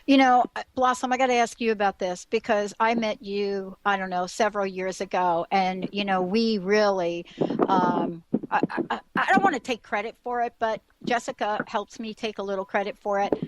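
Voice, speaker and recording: A woman's voice: medium pitch, steady tone, normal speed, slight background noise. A woman hosting a radio talk show, chatting eagerly and rambling with many fillers and restarts. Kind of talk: casual radio chat.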